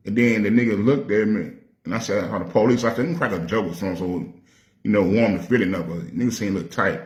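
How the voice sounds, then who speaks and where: A Nashville man with a Southern accent, a rapper spinning a story from his past. His voice sits low, and he talks loose and streetwise, swearing freely. The sound bounces around an echoey room. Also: quick pace. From Nashville, Tennessee. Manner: streetwise, profane, acts out quoted voices. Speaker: rapper telling stories. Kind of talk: casual storytelling.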